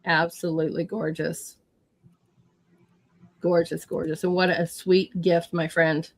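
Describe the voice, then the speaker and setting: A middle-aged woman hosting a casual chat, gushing with warm, effusive praise. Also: on the low side, flat delivery, unhurried, creaky. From United States. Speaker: host.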